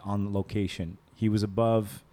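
A man's voice: on the low side, flat delivery, moderate pace, mellow. A man chatting casually on a podcast, telling rambling stories, laughing often and mimicking people. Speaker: podcast host. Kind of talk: casual chat.

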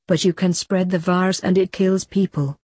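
A woman's voice: lowish voice, fairly even intonation, normal speed, a little mellow, husky, no room sound, clean studio sound. A woman voicing a grumpy, ancient male doctor who grumbles wearily. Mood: grumbling. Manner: grumbling and weary.

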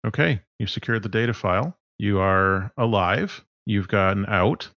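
A man narrating as game master in a tabletop game, relaxed and laughing along. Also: fairly low pitch, moderate pace, no echo, muffled recording.

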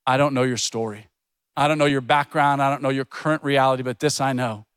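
A man's voice: medium pitch, steady tone, a little fast, fairly bright tone, clean tone, no echo. A middle-aged man preaching a sermon as a pastor, telling stories in a conversational way and acting out the voices of people he quotes. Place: church.

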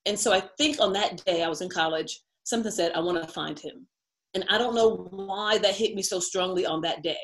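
A woman's voice: mid-range voice, fairly quick. A middle-aged woman from the United States, an interview guest telling a personal story, chatty and laughing often.

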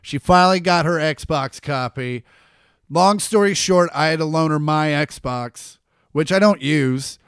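Podcast guy swearing a ton, high smooth voice, dry close sound. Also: no echo. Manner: swears a lot, rants in mock anger. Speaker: podcast host and comedian. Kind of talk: casual chat.

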